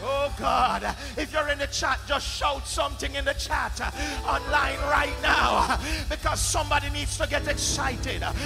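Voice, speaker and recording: A man with a Jamaican accent preaching a fiery sermon, shouting and exhorting the congregation, breaking into song. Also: very high voice, vocal fry. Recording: music playing loudly behind.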